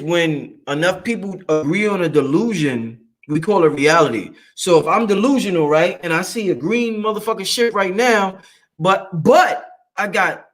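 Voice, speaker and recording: A man, hosting a show in a loud, excitable monologue that swings up and down and breaks into laughter. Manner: loud, excitable, swings high and low, laughs often, swears freely. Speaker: show host. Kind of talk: animated livestream monologue.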